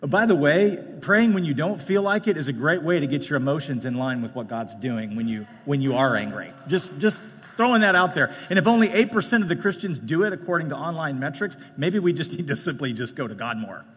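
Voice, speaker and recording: Husky-voiced male pastor preaching in a hall. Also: fairly high pitch, animated, a little fast. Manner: conversational preaching with swings from loud to hushed and joking asides. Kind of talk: sermon. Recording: long reverb of a large hall.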